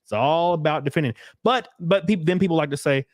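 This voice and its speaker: A man hosting a podcast, chatting casually and reading out viewer comments, blunt and profane, telling stories with animated energy. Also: fairly high pitch, brisk, hardly any pauses, dry recording, clean studio sound. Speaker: podcast host.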